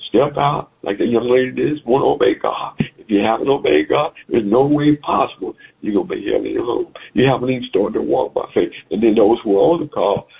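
A man's voice: mid-range voice, gravelly, slightly rough. A man preaching a sermon over a phone call, exhorting and repeating phrases in a sing-song cadence. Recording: tinny phone line.

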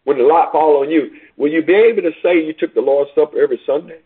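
A man with a slightly high, slightly rough voice speaks at a quick pace, preaching a sermon in which he repeats himself and builds to rising, urgent questions. The sound comes over a tinny phone call line.

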